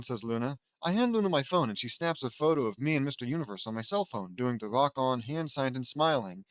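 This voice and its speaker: A man's voice: medium pitch, brisk, smooth, dry recording. A man narrating a fan-fiction audiobook in a casual reading style, with offhand asides.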